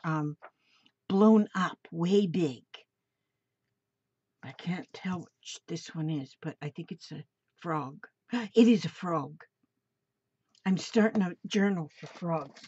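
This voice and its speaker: A woman's voice: on the low side, takes it slowly, long pauses, darkish tone, husky. An older woman opening mail on her crafting vlog, gushing and gasping with delight over each item in a casual chat. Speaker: crafting vlogger. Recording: dull lo-fi home recording.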